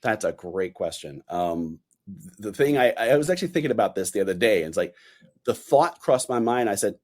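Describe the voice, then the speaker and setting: A man in his forties, a podcast guest, chatting casually and telling animated stories in which he acts out the voices he quotes. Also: fairly low pitch, brisk. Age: 40s. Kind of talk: casual interview chat.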